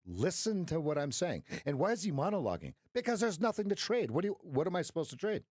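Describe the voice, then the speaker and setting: Blunt, swearing trading coach on a live stream. Man, animated pitch, dry close sound. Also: quick pace, dry recording. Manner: blunt, passionate, profane.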